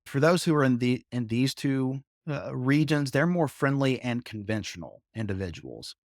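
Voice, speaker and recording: A man's voice: mid-range voice, expressive, moderate pace, no room sound, clean studio sound. A man with a Southern American accent, teaching a psychology lecture in a conversational way with asides. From Southern United States. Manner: conversational, explains with asides and fillers. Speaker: psychology instructor. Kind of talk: recorded lecture over slides.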